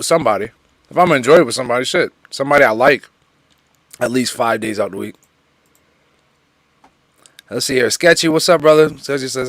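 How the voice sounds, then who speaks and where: A man co-hosting a podcast, talking in a lively, slangy, repetitive way and reading listener comments. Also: medium pitch, no echo, clean studio sound. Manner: animated, repeats himself, slangy. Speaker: podcast co-host. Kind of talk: casual podcast chat.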